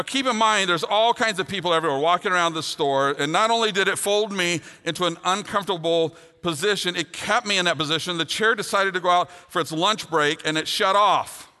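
Middle-aged preacher, bright voice, echoing hall. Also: male voice, high-pitched, brisk, clear, resonant tone. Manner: earnest, builds to humorous storytelling. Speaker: pastor. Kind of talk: sermon with personal story. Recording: long hall reverb.

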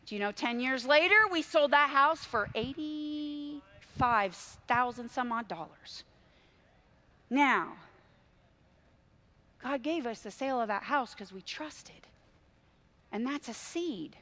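A woman's voice: high-pitched, lively intonation, a little slow, bright, forceful tone. A middle-aged woman preaching a sermon, telling stories with emphatic swings in volume.

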